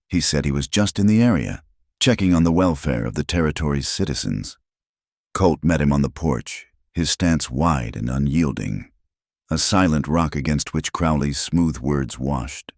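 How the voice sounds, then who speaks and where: A man narrating a scripted story in a measured, steady way. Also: very deep voice, no room sound, clean studio sound.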